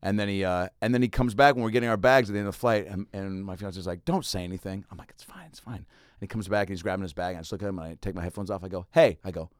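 Man, fast animated storyteller, dry close sound. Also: low-pitched, no echo. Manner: animated storyteller, acts out people. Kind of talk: casual storytelling chat.

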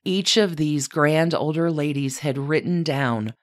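A woman podcast host narrating from a script, speaking straight to her subject as "you". Her storytelling is measured and even. Her voice is strikingly low for a woman.

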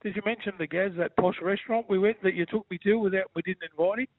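A man's voice: sits high, steady tone, fast. An Australian man calling in as a guest, joking boisterously and calling everyone mate. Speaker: phone-in guest, former footballer. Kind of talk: casual banter. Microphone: phone. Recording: tinny phone line.

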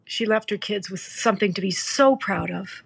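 A woman's voice: mid-range voice, moderate pace, vocal fry, breathy edge. A woman podcast host telling an emotional story in a heartfelt, conversational way, acting out the dialogue as she goes.

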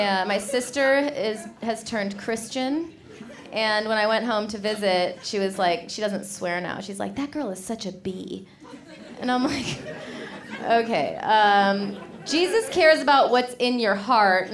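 A woman from Illinois performing a sardonic stand-up set with quick punchlines. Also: mid-range voice, a bit bright. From Illinois, USA. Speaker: stand-up comedian. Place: comedy club stage with live audience. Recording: live club recording with crowd laughter and noise.

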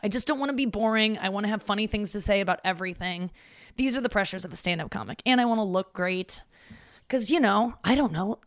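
Speaking fast in a mid-range voice, a woman in her thirties from St. Louis, United States, works through a loose, self-deprecating solo podcast monologue full of swearing. She's a stand-up comic recording at her parents' home, and the sound is dry and studio-clean.

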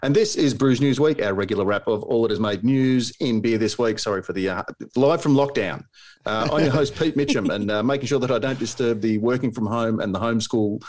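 A man's voice: fairly low pitch, fairly quick, darkish tone. An Australian man hosting a podcast from his home office, chatting casually with rambling asides, self-deprecating jokes and plenty of fillers. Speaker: podcast host. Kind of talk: casual chat. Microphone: studio podcast mic.

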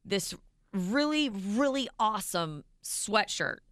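A middle-aged woman co-hosting a morning radio show, telling stories in an animated way and laughing often. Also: mid-range voice, slow pace, no room sound, studio quality. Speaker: radio co-host. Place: radio studio. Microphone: studio mic.

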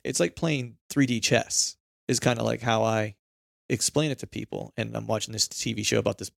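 Laid-back guy with a gravelly voice, chatting and rambling casually, dry close sound. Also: lowish voice, fairly even intonation, normal speed, no echo. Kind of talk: casual chat.

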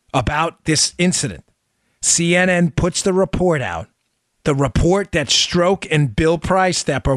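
A middle-aged man hosting a political talk show, indignant and emphatic, with quick asides to his producer. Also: on the high side, a bit bright, no echo, clean studio sound. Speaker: political podcast host. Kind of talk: animated political commentary.

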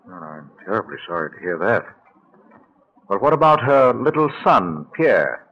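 Confident American lead, very deep voice, dull old radio sound. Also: male voice, very animated. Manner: brisk and confident. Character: brisk American man on a wartime mission. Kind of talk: 1940s radio drama acting. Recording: dull lo-fi 1940s radio broadcast.

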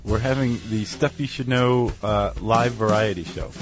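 A man's voice: on the low side, moderate pace, over music. A man co-hosting a podcast, chatting casually and laughing easily. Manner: relaxed, conversational, laughs easily. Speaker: podcast co-host.

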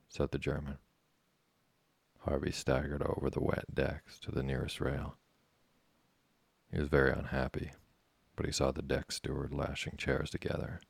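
Man with an extremely deep, gravelly voice. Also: dry recording. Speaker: audiobook reader. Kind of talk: audiobook narration.

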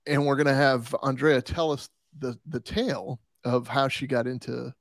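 A man's voice: medium pitch, fairly even intonation, moderate pace, no echo, studio quality. A man co-hosting a podcast in casual chat, rambling with restarts and easy laughs. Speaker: podcast co-host.

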